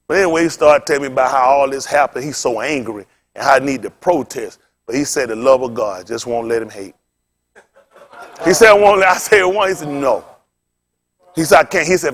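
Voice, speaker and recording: Animated preacher man, lively high voice. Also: brisk. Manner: animated, acts out voices in stories, laughs often. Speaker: pastor. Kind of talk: sermon with storytelling.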